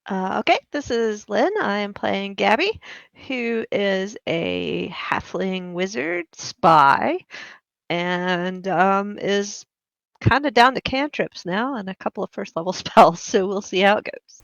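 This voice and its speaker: A woman in a tabletop game, chatting in a relaxed and easygoing way. Her voice has a gravelly fry. It comes through a dull, lo-fi voice chat with a dry sound. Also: medium pitch, slow pace, dry recording. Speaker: player.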